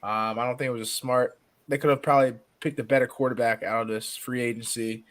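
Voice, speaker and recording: A man's voice: medium pitch, flat delivery, quick pace, fairly bright tone. A man co-hosting a casual podcast, rambling with many fillers and casual swearing. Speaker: podcast co-host.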